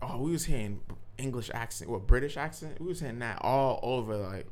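A man from the United States with an East Coast accent, co-hosting a casual podcast chat, animated and slangy, laughing and swearing often. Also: mid-range voice, fairly quick. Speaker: podcast co-host.

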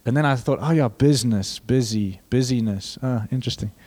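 A young man preaching a sermon, animated and joking with the congregation, building to fervent emphasis. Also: mid-range voice, a little fast. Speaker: pastor.

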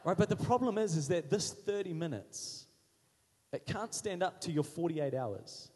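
Husky-voiced preacher in a reverberant hall. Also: male voice, fairly high pitch, animated, moderate pace, darkish tone. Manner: emphatic, repetitive preaching with punchy short phrases. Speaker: pastor. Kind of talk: sermon.

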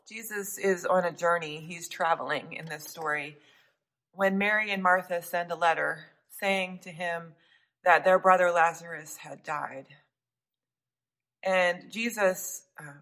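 Bright-toned woman preaching a sermon. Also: on the low side, rough recording. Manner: earnest, dropping to soft hushed tones for emphasis.

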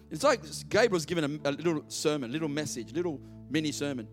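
A man's voice: on the high side, animated, quick pace, hardly any pauses, soft background music. A man preaching a sermon, emphatic and repeating words for stress.

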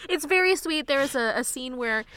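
A woman's voice: high voice, animated, normal speed, bright, forceful tone, slight background noise. A woman co-hosting a podcast, gushing enthusiastically over a movie and giggling often. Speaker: podcast co-host. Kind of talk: casual movie discussion.

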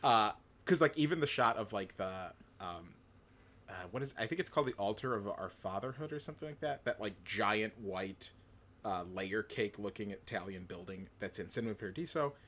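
A man's voice: on the low side, lively intonation, moderate pace, a bit bright. A man co-hosting a podcast, telling long stories in casual chat with many fillers and restarts. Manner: rambling, filler-heavy storytelling. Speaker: podcast co-host.

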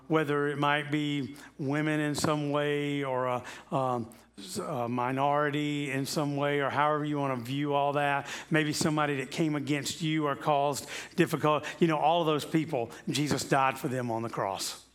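Chatty pastor, man with a higher voice. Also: fairly bright tone, clean tone. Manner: chatty, asks rhetorical questions, repeats himself. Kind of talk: conversational sermon. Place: church sanctuary.

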